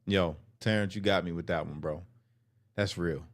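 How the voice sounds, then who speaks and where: A man's voice: deep voice, steady tone, moderate pace, music in the background. A man hosting a show, reacting to a clip in blunt, slangy casual commentary.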